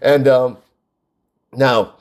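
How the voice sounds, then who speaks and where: A man speaks extremely slowly in a steady, medium-pitched voice as a commentator in Hawaii giving a casual political rant to camera. His heated monologue leans on repeated words and rhetorical questions.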